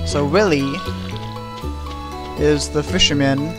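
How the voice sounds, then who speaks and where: A young man narrating his farming-game session in a relaxed, rambling way, fillers sprinkled throughout. His voice sits a bit high, and game music plays clearly underneath. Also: moderate pace, pauses often. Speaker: gameplay video creator. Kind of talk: casual let's-play commentary.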